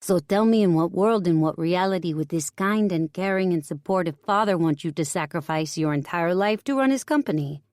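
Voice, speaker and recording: Woman doing a French-accented woman friend, frank, theatrical, teasing, lowish voice, dry close sound. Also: fairly quick, few pauses, darkish tone, no echo, close to an everyday voice. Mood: blunt teasing.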